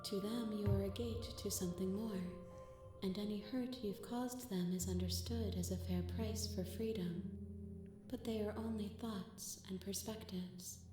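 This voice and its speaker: A woman voicing a calm, introspective cosmic goddess princess in a video game, speaking slowly and poetically. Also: mid-range voice, close to an everyday voice. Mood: serene. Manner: slow, solemn, poetic. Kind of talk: game dialogue. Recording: echoey game audio with loud music. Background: game music.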